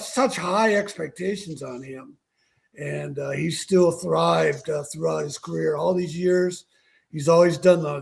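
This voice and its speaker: A man on a sports talk panel who rambles and corrects himself as he goes. His voice is heavily gravelly with plenty of vocal fry, sitting somewhat high. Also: a little mellow. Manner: rambling, many fillers and self-corrections.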